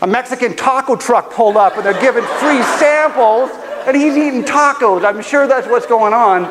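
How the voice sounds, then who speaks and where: A man preaching a sermon, telling a personal story in an animated, humorous way. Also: extremely high pitch, normal speed, in a large hall, noisy background. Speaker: pastor. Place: church auditorium.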